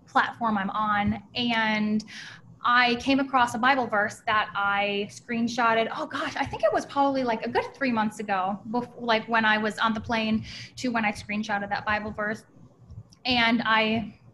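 Young american woman telling her faith story, kinda high voice, lots of um and restarts, faint hiss behind. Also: fairly bright tone. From United States. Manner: emotional, halting, many restarts. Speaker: guest. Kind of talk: personal faith story in casual conversation.

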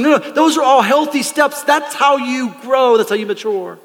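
A man preaching a lively, conversational sermon from a church stage, calling out to the congregation. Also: very high-pitched, moderate pace, hardly any pauses, long reverb tail. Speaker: pastor. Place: church sanctuary.

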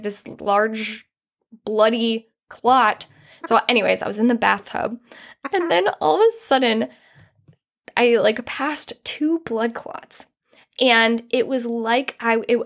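Her voice is fairly high, creaky and a little bright. As a young podcast host, she rambles openly through a personal story, using many fillers and laughing through difficult moments.

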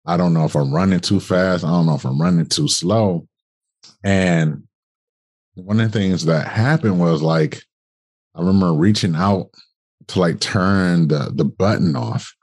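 A young man with a very deep, husky voice tells a personal story on a podcast. He talks loosely and colloquially, swears without hesitation, and slips into the voices of the people in his story. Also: unhurried. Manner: animated, colloquial, swearing, acts out dialogue. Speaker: podcast guest. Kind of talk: casual storytelling in an interview.

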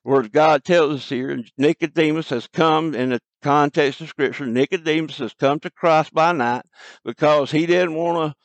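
A male preacher delivering a broadcast sermon in a slightly high voice. He reads old scripture verses slowly, leaning on each key word. The recording is dry and close. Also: dry recording. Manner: slows to stress scripture quotes; King James scripture reading with plain commentary.

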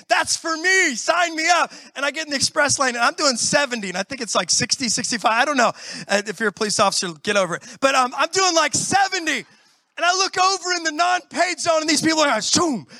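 High-voiced, animated male pastor preaching. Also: no room sound. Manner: animated, exclamatory, acts out everyday scenes. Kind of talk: sermon. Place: church building with a congregation.

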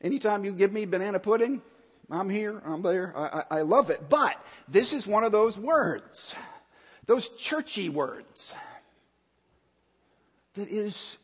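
A man with a rather high voice preaches at an unhurried pace. He delivers a sermon in an earnest, emphatic manner, circling back to repeat his key points, while his voice rings out with a long reverb like a large church hall. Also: animated, husky. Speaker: pastor.

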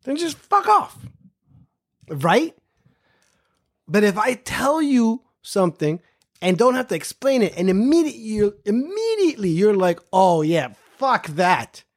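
A man's voice: high-pitched, very animated, unhurried. A man hosting a podcast, telling a casual, profane story and repeating phrases for emphasis. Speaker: podcast host.

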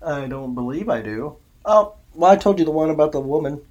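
A man's voice: on the high side, animated, fairly quick, a little mellow, dull audio. A man from Illinois co-hosting a podcast, telling stories bluntly with laughs in casual chat. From Alton, Illinois. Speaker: podcast co-host.

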